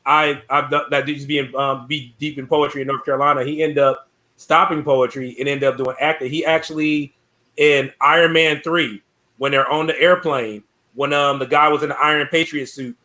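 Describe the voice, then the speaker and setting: A man's voice: on the high side, little pitch movement, normal speed, sharp tone. A man, a military veteran, hosting a casual interview, hesitant and full of fillers.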